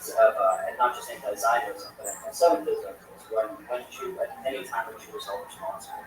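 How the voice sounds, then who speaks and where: A man speaking haltingly as a guest in a casual discussion. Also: fairly low pitch, steady tone, crowd noise. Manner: halting, many fillers. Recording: very echoey room from far off, background noise.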